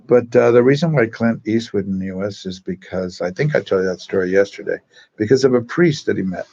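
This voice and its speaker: Chatty, gravelly-voiced priest. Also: male voice, lowish voice, a little fast, warm tone, lo-fi sound. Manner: chatty and digressive, full of asides. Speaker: Catholic priest. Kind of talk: casual storytelling talk to a parish group. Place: church.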